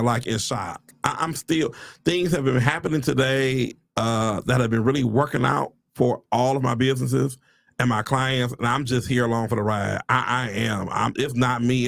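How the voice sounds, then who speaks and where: A man's voice: mid-range voice, gravelly, fairly bright tone, no echo. A man speaking, chatting casually on a livestream, bursting into preacher-like exclamations and addressing viewers as y'all. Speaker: realtor livestreaming to followers.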